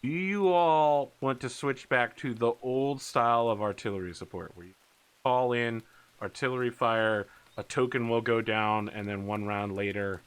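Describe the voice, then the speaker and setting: A man in his thirties narrating a tabletop war game as game master, animated and lively. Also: mid-range voice, moderate pace, smooth. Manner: animated, shouts radio chatter of pilots.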